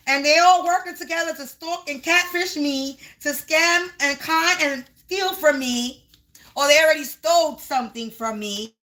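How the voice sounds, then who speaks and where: A woman hosting her own channel, ranting loudly at viewers and trolls, cursing and calling them sweetie and honey. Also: very high voice. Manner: loud, yelling, cursing, confrontational. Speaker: spiritual channel host. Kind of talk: ranting livestream vlog.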